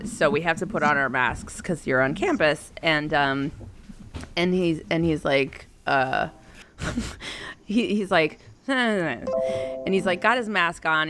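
A woman's voice: low voice, background noise. A woman in her thirties casually telling a personal story, rambling and profane, with an exasperated tone.

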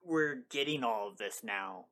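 A man co-hosting a fan podcast, excitable and speaking in rapid bursts with laughter. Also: mid-range voice. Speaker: podcast co-host. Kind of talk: casual podcast chat.

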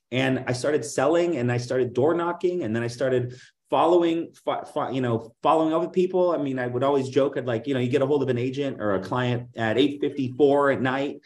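A man's voice: mid-range voice, brisk, reverberant. A middle-aged man, a guest on an interview, talking casually and animatedly about selling, full of fillers and acting out other people's lines. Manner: animated, acts out dialogue in other voices; many fillers like "like" and "right?". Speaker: guest, insurance agency owner.

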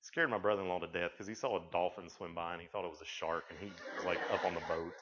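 A man's voice: low-pitched, fairly even intonation, fast, heavy background noise. A man giving a chatty storytelling sermon to youth, acting out bits of dialogue as he goes. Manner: folksy, chatty, acts out dialogue in quotes. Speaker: youth speaker. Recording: dull lo-fi recording.

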